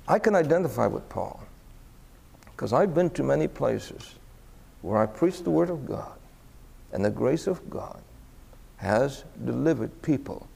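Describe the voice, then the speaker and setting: A man's voice: medium pitch, measured pace, creaky, pauses often, breathy edge, long reverb tail. A man preaching a sermon and telling stories, his voice climbing sharply when he acts out the people in them. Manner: animated, voice rising for quoted exclamations. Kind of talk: sermon storytelling.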